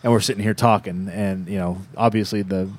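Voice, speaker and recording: A man co-hosting a podcast in casual chat, easygoing and quick to laugh. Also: sits low, steady tone. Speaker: podcast co-host.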